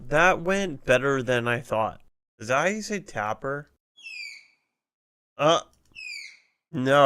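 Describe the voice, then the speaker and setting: A man's voice: mid-range voice, creaky, a bit bright, a little hiss or hum. A man streaming games in casual chat, laid-back, swearing often and muttering to himself as he puzzles things out.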